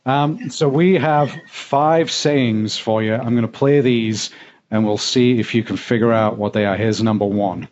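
A man from Yorkshire hosting a talk show, chatting casually with a light, softened Yorkshire accent and frequent laughs. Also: mid-range voice, measured pace, lo-fi sound. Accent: Yorkshire English, softened. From Yorkshire, England. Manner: chatty, laughs often, fillers. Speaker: host.

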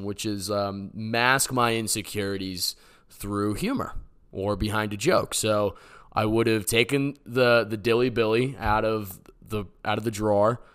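A man's voice: fairly low pitch, fairly bright tone, clear, resonant tone. A man from the Boston area hosting a podcast, answering voicemails with sarcastic, joking chat. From Boston area, USA. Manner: joking, sarcastic, rambling with fillers. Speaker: podcast host.

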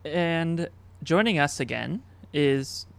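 A man's voice: on the high side, expressive, takes it slowly, creaky, clean tone. A man co-hosting a podcast, joking around in casual chat and laughing often. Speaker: podcast co-host.

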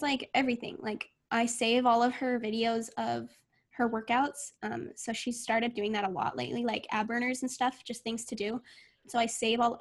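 A woman's voice: a little high, creaky. A woman co-hosting a podcast in casual chat, chatty and trailing off with fillers. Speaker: podcast co-host.

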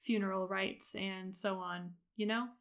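A woman reading aloud, voicing a gentle, earnest young male monk who speaks slowly and thoughtfully. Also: mid-range voice, steady tone, lightly acted. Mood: reflective.

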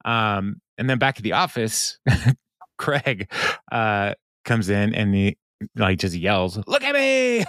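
A man with a fairly low voice, recorded dry and close, recapping a sitcom episode in a loose chatty way. He laughs often and slips briefly into the characters' lines as he retells each scene. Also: steady tone, takes it slowly, a bit bright, no room sound. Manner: laughs often while talking. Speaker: podcast co-host.

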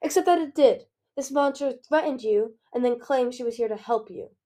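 A woman's voice: on the high side, moderate pace, mellow, close to an everyday voice. A woman voicing a bitter, accusing male dragon who speaks harshly of a rival.

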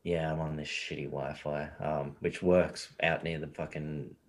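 A man's voice: extremely low pitch, level tone, a little slow. A man still recovering from an illness, on a poor video call from a bathroom, laid-back and swearing. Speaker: league commissioner. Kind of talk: casual chat on a video call. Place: bathroom, door shut. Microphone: video call on a poor connection.

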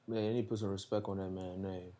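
Male co-host, slangy quick quips, echoey room sound. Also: low voice, flat delivery, dark tone. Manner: short joking interjections, slangy. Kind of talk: casual sports talk. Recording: roomy echo.

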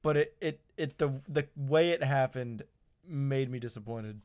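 A man's voice: medium pitch, measured pace, a little mellow, clean tone. A young man co-hosting a podcast, chatting casually, hesitating and restarting his sentences. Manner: hesitant, restarts often, says "like" and "bro". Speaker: podcast co-host. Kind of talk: casual chat.

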